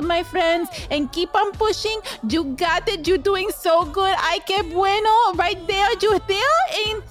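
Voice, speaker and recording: A woman putting on the voice of her gentle, soft-spoken mother while coaching a treadmill interval, slipping Spanish words into the cues. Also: very high-pitched, voice pushed up. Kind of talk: coaching a treadmill workout in character.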